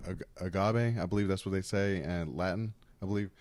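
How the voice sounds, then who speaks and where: Deep-voiced man, rambling podcast chat. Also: fast talker, background noise. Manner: animated, rambling storyteller. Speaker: podcast co-host.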